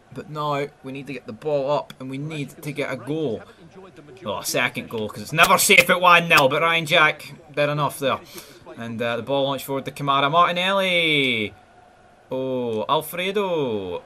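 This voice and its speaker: A young Scottish man doing sweary, excitable mock football commentary over a video game, mumbling asides and yelling at chances. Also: fairly high pitch. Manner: excitable, sweary, jumps from mumbling asides to yelled goal calls. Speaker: gaming YouTuber.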